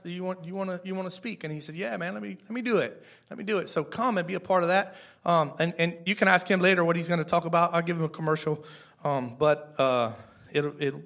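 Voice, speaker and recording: High-voiced man preaching a casual sermon. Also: sharp tone. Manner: chatty, repeats words, asks the congregation questions. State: tearful at times. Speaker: pastor.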